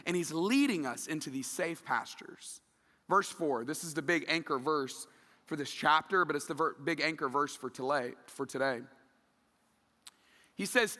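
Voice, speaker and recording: A middle-aged man preaching a sermon in a church, conversational and animated, acting out quoted asides. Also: a little high, a little slow, long reverb tail. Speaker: pastor. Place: church sanctuary.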